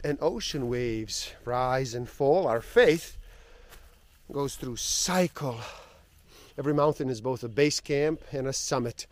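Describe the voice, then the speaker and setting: A man narrating spiritual stories and reflections in an earnest, sometimes softly dropping voice. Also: medium pitch, slow. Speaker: storyteller and spiritual speaker.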